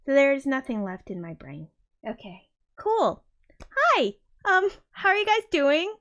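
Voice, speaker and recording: Swearing, bright-voiced woman streamer. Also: high voice, huge pitch swings, slow, highs cut off. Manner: swears constantly, rambling and self-mocking. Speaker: livestream host. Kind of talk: casual livestream chat.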